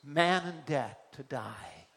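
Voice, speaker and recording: A man preacher delivering an emphatic, deliberate sermon in a church. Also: on the high side, lively intonation. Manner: emphatic, slow and deliberate, swinging between soft and loud.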